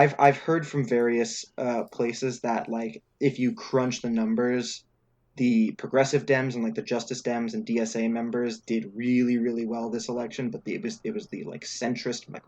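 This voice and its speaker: A man's voice: medium pitch, flat delivery, moderate pace, a little mellow. A young man co-hosting a podcast, chatting casually about politics with lots of fillers and restarts. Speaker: podcast co-host.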